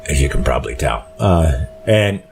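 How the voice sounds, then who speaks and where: A tired man hosting a solo podcast, talking slowly and rambling with many pauses and fillers. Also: extremely low pitch, sing-song, creaky, background noise. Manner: rambling, slow, full of fillers. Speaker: podcast host. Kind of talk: casual solo podcast monologue.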